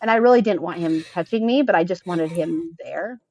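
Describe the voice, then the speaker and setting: A woman's voice: lowish voice, fairly quick, darkish tone, no echo, low-quality recording. A woman in her thirties, a podcast guest, telling a personal story in a chatty, earnest way with frequent filler words.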